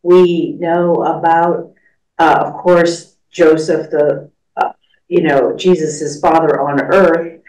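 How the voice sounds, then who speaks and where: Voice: mid-range voice, steady tone, takes it slowly, darkish tone. A class leader teaching a church study class, talking in a conversational, rambling way with fillers. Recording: echoey room, far from mic.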